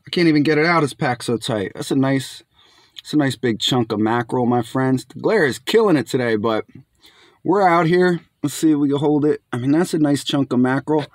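A man's voice: mid-range voice, brisk, no echo. A young man casually reviewing canned fish outdoors, chatty and laid-back, often calling viewers his friends. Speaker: food reviewer. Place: outdoors in bright sun.

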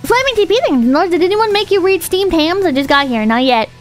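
A woman's voice: extremely high pitch, expressive, brisk, faint music behind. A woman streamer reading viewer messages aloud in casual, joking chat, swearing freely. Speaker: virtual streamer.

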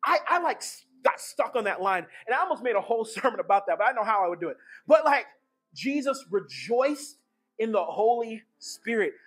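A man preaching with a high, husky voice, full of excitement and emphasis. He jumps from shouted peaks to hushed, quiet stretches. Faint music plays softly behind him. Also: fairly quick. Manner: excitable, emphatic, swings between loud bursts and hushed lines. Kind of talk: energetic sermon.

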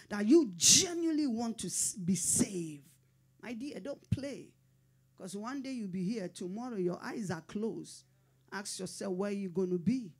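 A woman's voice: medium pitch, a little mellow, slightly rough. A middle-aged woman pastor preaching a sermon in short, fervent, repeated declarations.

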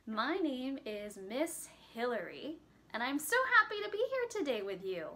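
Lively sing-song children's teacher, a woman. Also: sits high, moderate pace. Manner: sing-song, encouraging, claps and chants words. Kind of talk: children's lesson.

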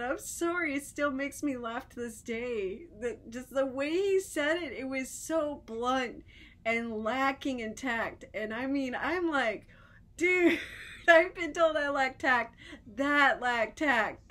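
A woman chatting casually to camera, telling funny stories with lots of fillers and restarts, and often laughing. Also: on the high side. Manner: giggly, animated, breaks into laughter. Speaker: vlogger.

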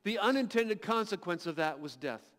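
A man preaching a sermon as pastor, impassioned and emphatic, building to loud peaks and often repeating words as he restarts. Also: high voice, animated, normal speed. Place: large church hall. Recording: long reverb of a church hall.

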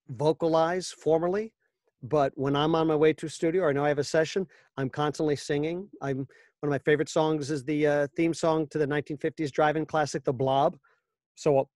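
A man's voice: a little high, dry recording, studio quality. A middle-aged man, a voice actor, chatting as an interview guest in a wry, joking, anecdotal way. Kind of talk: casual interview.

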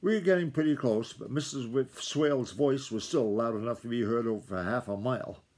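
A father reads a novel aloud to his kids, telling the story in a plain, unhurried way. His voice sits at an average pitch for a man, and it sounds like a simple recording made at home. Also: a little mellow. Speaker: father reading to his children.

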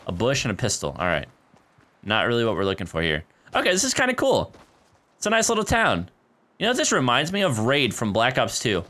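A male streamer talks through a shooter game in a bouncy, swooping voice of middling pitch. He is chatty and easily excited, laughing often and tossing out "dude" and "guys" as he plays at his home setup on a desk microphone. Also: fairly quick. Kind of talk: casual live gameplay commentary. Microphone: desk microphone near a keyboard.

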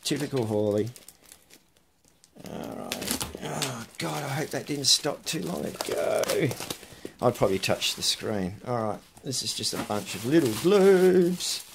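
A man's voice: mid-range voice, animated, a little slow, vocal fry, noisy background. A man chatting casually while unboxing parcels for his vlog, muttering asides to himself between remarks. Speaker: electronics hobbyist vlogger.

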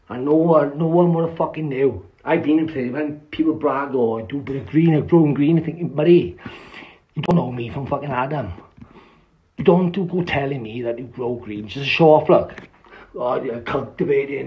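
A man rambles through a story in casual chat, swearing in nearly every sentence and restarting his words as he goes. His voice sits at a middling pitch. The sound is muffled and lo-fi, like a phone recording. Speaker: social media storyteller.

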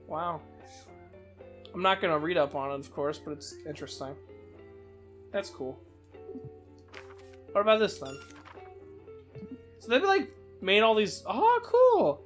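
A let's-play host giving casual, excitable commentary while playing, leaning on "like" fillers and swapping swear words for a silly stand-in. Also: mid-range voice, a little slow, pauses often, soft background music. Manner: excitable, many "like" fillers, swaps swears for "floof".

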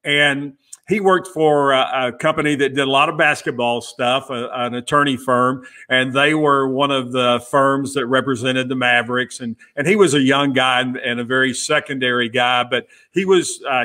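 A man's voice: mid-range voice, moderate pace. A middle-aged man, a podcast guest, telling stories in a casual interview and acting out the dialogue he quotes. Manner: lively storyteller who acts out quoted dialogue. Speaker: guest, former pit crew member.

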